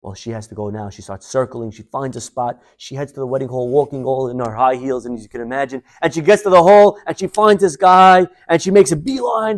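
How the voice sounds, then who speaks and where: Brief: a male rabbi at a mid pitch, telling a sermon story animatedly. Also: brisk, hardly any pauses.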